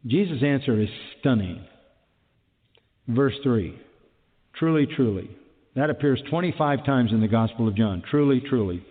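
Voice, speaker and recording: A man's voice: mid-range voice, expressive, normal speed, pauses often, big-room sound, narrow, tinny audio. A man preaching a sermon emphatically, repeating key phrases and asking rhetorical questions.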